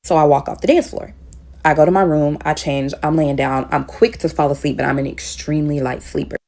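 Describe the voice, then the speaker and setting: A woman's voice: deep voice, fairly even intonation, fairly quick, creaky. A woman, a teacher, telling a story in a casual, candid way with frank profanity. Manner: grows louder and more heated as she tells it.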